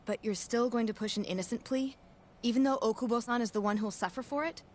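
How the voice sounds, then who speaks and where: A woman's voice: fairly high pitch, quick pace, a little mellow, slight background noise, lightly acted. A woman voicing a hesitant, cautious young nurse in a video game. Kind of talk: game voice acting.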